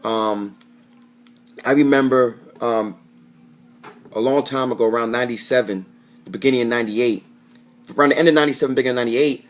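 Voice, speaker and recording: A man's voice: mid-range voice, fairly quick, pauses often. A man telling a rambling, profane story straight to camera in a casual vlog, often correcting himself as he goes. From Florida. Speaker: vlogger.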